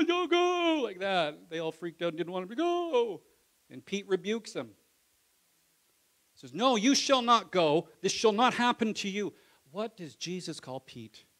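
Animated man preaching a casual sermon. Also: fairly high pitch. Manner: casual preaching, acts out biblical voices with big swings in loudness. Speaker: pastor.

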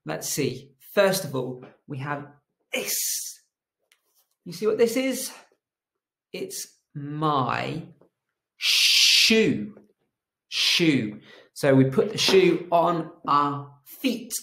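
A man's voice: fairly high pitch, lively intonation, takes it slowly, creaky, fairly bright tone, echoey room. A man teaching a children's phonics lesson, encouraging and asking them to repeat after him.

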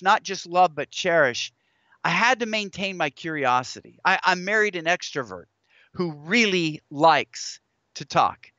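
A man's voice: a little high, animated, measured pace, sharp tone, no echo, muffled recording. A middle-aged man, an author and guest in an interview, speaking in an earnest, preacherly way and telling stories with quoted scripture. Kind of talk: interview conversation.

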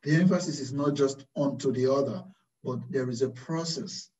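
A man, a Carmelite priest, preaching a slow, deliberate sermon full of rhetorical questions. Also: mid-range voice, a little mellow. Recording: distant, roomy, dull-sounding recording.

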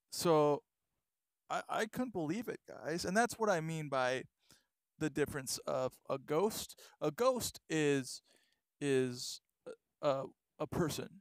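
Young guy, casual vlog storyteller, rambly with lots of fillers; clean, smooth voice, dry close sound. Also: fairly high pitch, unhurried, no echo. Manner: rambling, many fillers and restarts. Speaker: vlogger.

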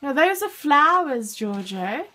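A woman's voice: high voice, very animated, takes it slowly, bright, forceful tone, soft background music. A woman patiently naming pictures in a book with a toddler, praising each answer. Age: adult. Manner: patient, praising, sing-song. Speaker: parent teaching a toddler.

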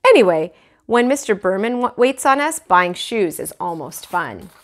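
A woman teacher reading a children's chapter book aloud in an expressive storytelling manner. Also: medium pitch, moderate pace. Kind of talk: children's read-aloud narration.

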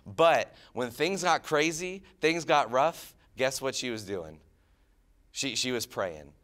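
Youth pastor, man in his thirties; smooth, clear mid-range voice, relaxed storyteller who goes quiet for emphasis. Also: normal speed. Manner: casual storytelling with many fillers and restarts; drops soft and low on key lines. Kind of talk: youth sermon.

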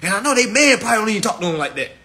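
A man hosting a live stream, loud and blunt, with plenty of cursing. His voice sits a little high, with a bright, tense edge. He rants and coaches viewers in the same forceful way. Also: sing-song, rapid-fire. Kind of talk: profane ranting and coaching.

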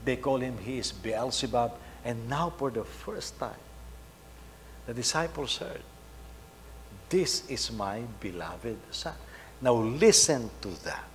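Middle-aged male pastor, sermon delivery, mid-range voice, swings loud and soft; church hall with long reverb. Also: mid-range voice, lively intonation, slow pace. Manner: storytelling, rising to loud emphasis then dropping soft.

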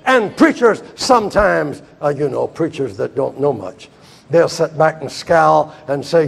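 An older American man preaching a sermon in a church, emphatic, swinging between shouted lines and hushed ones, with a husky voice. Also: on the high side, animated, a little slow. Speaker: evangelist preacher. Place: church hall.

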